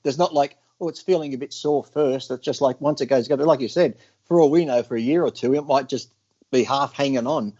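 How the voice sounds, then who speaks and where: A man co-hosting a podcast, telling animated stories in casual chat and laughing often. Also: medium pitch, brisk, husky, lo-fi sound. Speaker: podcast co-host.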